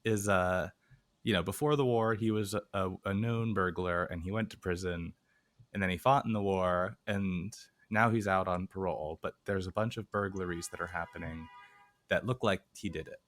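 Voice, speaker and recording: A man co-hosting a podcast, chatting casually about a film, relaxed and meandering with many fillers. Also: low voice, normal speed, no room sound. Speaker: podcast co-host.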